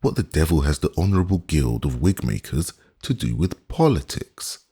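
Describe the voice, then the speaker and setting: Bold young baron from a classic novel, quick and mocking in his questions, deep husky tone, lively swings, as a male reader puts him on. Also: full character voice. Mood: teasing.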